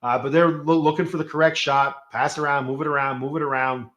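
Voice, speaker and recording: A man's voice: a little high, fairly even intonation, fairly quick, a bit bright, reverberant. A man hosting a casual solo hockey recap, rambling with many fillers and restarts. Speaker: hockey podcast host.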